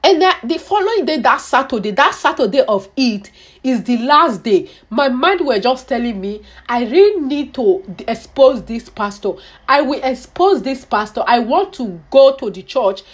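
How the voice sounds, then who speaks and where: A young woman tells a personal story to her vlog audience. Her voice sits high and swings widely in pitch. She repeats words and phrases over and over for dramatic emphasis. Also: lively intonation, normal speed, husky. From Nigeria. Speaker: vlogger.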